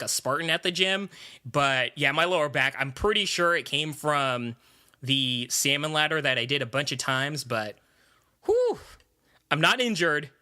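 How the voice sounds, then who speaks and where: Podcast co-host guy, super bright sharp voice, slightly high, animated storyteller. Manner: animated storytelling, self-deprecating. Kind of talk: casual podcast chat.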